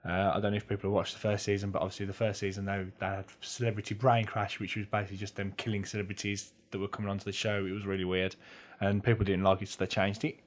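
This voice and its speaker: A man's voice: lowish voice, little pitch movement, fast talker. A man co-hosting a podcast, giving rambling, casual explanations with plenty of fillers. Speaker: podcast co-host. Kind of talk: casual chat.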